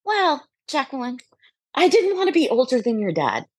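A woman's voice: sits high, wildly swooping pitch, moderate pace, husky, no echo, studio quality, voice pushed up, heavily acted. A woman voicing her stubborn, playful older mother in a retold story, matter-of-fact and a little giggly. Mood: sly.

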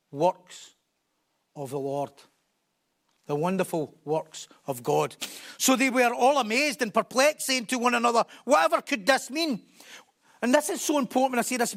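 Man, high-pitched, sermon, emphatic, repetitive for stress. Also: creaky, a bit bright. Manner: emphatic, repeats key phrases for stress. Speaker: preacher.

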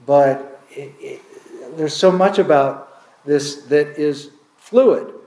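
Male pastor, slightly high voice, casual storytelling sermon, big dramatic emphasis, roomy reverb. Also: slow, warm tone. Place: congregation hall. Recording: echoey room.

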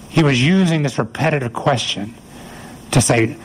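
A man's voice: a little high, moderate pace, rough recording. Conversational man preaching a sermon. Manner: conversational, acts out voices of biblical figures. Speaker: pastor.

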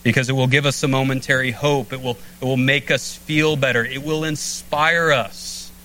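A male pastor preaching a Sunday sermon in a church, his voice bright and forward. He talks earnestly, slows down and sinks low on the phrases that matter, and a faint hum sits underneath. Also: fairly even intonation, poor audio.

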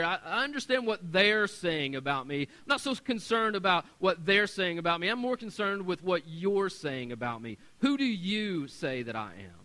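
A male pastor preaching a sermon in a church, reading scripture and stressing points by repeating words, swinging between loud and soft. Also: a little high, big pitch swings, measured pace, rough recording. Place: church sanctuary.

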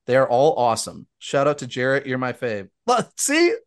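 A young adult man hosting a casual podcast, reading listener reviews aloud and dropping quick asides between lines. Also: medium pitch, clean tone.

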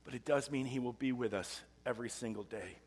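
A man preaching a sermon as pastor, telling a story and shifting between loud emphatic bursts and hushed, near-whispered lines. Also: medium pitch, brisk, breathy edge, long reverb tail. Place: church sanctuary.

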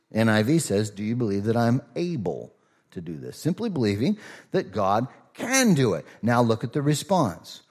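A man's voice: mid-range voice, big pitch swings, moderate pace, darkish tone, slightly rough. A middle-aged male pastor preaching a sermon in a conversational, storytelling way, with frequent fillers and asides.

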